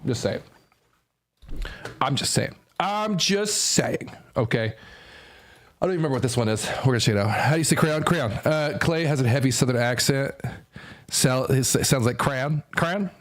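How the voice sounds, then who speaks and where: A young man streaming, giving casual reaction commentary, animated, repeating lines, swearing and laughing often. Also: mid-range voice, moderate pace, pauses often.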